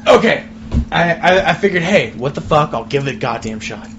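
Brief: laid-back man, quips and laughs, slightly high voice, dull recording with steady noise. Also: moderate pace. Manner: joking, laughing between remarks. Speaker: podcast co-host. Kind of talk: casual chat. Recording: muffled recording with clear background noise.

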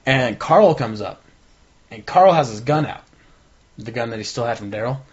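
A man's voice: mid-range voice, lively intonation, moderate pace. A man chatting casually on a podcast, retelling a TV episode with energy and acting out the characters' lines. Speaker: podcast co-host. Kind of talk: casual chat recapping a TV episode. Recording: dull lo-fi sound.

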